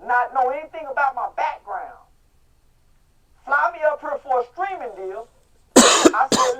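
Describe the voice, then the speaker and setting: A middle-aged man from Texas, talking loudly in a casual interview and breaking into shouts. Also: extremely high pitch, sing-song, unhurried, long pauses. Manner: loud, profane, bursts into shouting. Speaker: guest. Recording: muffled audio from a distant mic.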